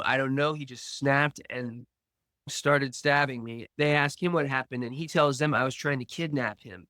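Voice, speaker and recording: A man's voice: medium pitch, fairly bright tone, clean tone, no echo, studio quality. A man recounting his past addiction as a podcast guest, telling it in present tense with quoted dialogue. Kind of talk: storytelling about addiction.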